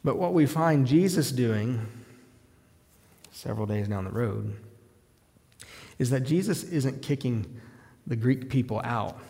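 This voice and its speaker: A man's voice: mid-range voice, lively intonation, takes it slowly, gravelly, pauses often. A man preaching a sermon, reading scripture aloud and raising his voice when he quotes the cries in the text. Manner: reads scripture aloud, rising to loud shouts in quoted cries. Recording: long hall reverb.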